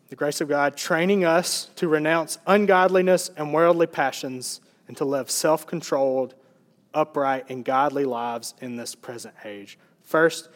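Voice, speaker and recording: A male pastor preaching a sermon in a church sanctuary, earnest and conversational, with some fillers and restarts. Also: medium pitch. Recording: long reverb of a large hall.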